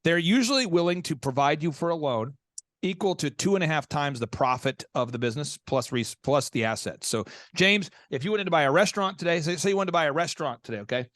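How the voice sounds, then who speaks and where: A man's voice: on the high side, dry recording, clean studio sound. A man hosting a business podcast, telling stories with energy and acting out the people he quotes. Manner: acts out quoted voices, fast and energetic. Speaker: podcast host. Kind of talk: animated storytelling.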